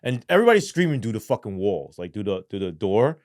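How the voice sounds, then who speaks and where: Profane New man, low dry voice. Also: quick pace, no echo. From New York. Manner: profane and animated, keeps asking "right?". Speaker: guest. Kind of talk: casual storytelling.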